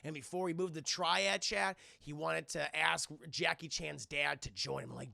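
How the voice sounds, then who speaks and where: A man recapping a film on a live stream, animated and profane, talking to his chat. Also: fairly high pitch, measured pace, gravelly, hardly any pauses, no echo, clean studio sound.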